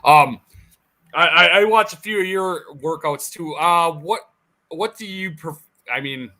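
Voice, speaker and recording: Man, podcast co-host, bright tense tone, halting questions full of fillers. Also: fairly high pitch. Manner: hesitant questioner, many fillers. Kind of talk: casual chat.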